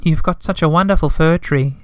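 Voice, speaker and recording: A man reading a storybook, voicing a tiny, shy woodland creature who speaks softly and wistfully. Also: a little high, fairly quick, dry recording, pitched above the performer's own voice, lightly acted.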